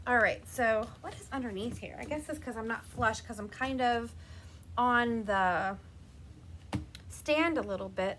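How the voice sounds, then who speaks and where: A woman's voice: fairly high pitch, unhurried, a bit bright, slight background noise. A woman in her thirties giving a chatty live craft demonstration, talking to her viewers as she works. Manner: chatty, laughs often, talks to viewers by name.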